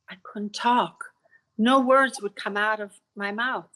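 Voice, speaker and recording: Bright-voiced woman telling a story. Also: a little high, unhurried. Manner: vivid storyteller, stumbles and repeats words when moved. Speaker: podcast guest. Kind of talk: personal storytelling in an interview.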